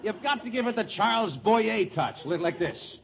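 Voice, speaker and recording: A man hosting a 1940s radio comedy with a jovial manner and quick laughs. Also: high-pitched, animated, vocal fry. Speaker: comedy show host. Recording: lo-fi old radio broadcast with hiss.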